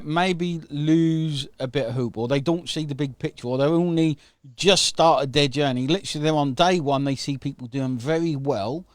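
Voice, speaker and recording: A man's voice: mid-range voice, no echo. A man hosting an online interview, talking casually and enthusiastically, often checking in with "okay?". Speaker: host.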